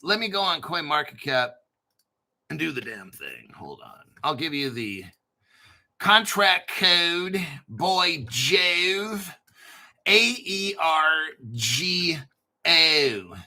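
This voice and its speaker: This man hosts a crypto channel, and his voice is on the high side, sing-song and sharp, moving at a slow pace. He rambles casually and digresses, throwing in profanity, jokes and a fair bit of self-mockery.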